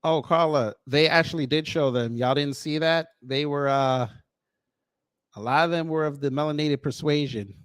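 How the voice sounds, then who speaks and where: Man, reaction commentary host, animated, sardonic, casual delivery, fairly high pitch. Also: moderate pace, smooth, dry recording, clean studio sound.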